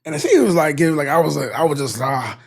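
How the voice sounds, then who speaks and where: A man chatting casually as a podcast co-host, telling a lively story and mimicking others, often laughing. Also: on the high side, quick pace, vocal fry, slight background noise. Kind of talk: casual chat.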